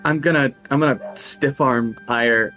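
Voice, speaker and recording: Man tabletop player, mid-pitched, hesitant. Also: pushed and bright, faint music behind. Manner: halting, many uhs. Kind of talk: tabletop game play.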